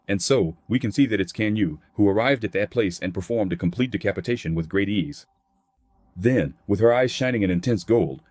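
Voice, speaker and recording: Guy doing a manhwa recap, lowish voice, dry close sound, quotes everyone the same way. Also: darkish tone, no room sound. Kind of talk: scripted recap narration.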